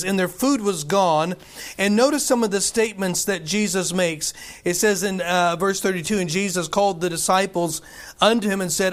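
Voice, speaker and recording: A man preaching a sermon, reading scripture slowly and stressing his points with emphasis. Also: sits high. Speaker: pastor.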